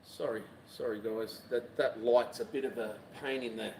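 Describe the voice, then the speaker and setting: A man's voice: medium pitch, fairly even intonation, normal speed, darkish tone, a little hiss or hum. A man hosting a casual live-stream cooking chat, rambling along, talking to himself and his viewers with cheeky jokes. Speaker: fishing channel host. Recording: echoey room.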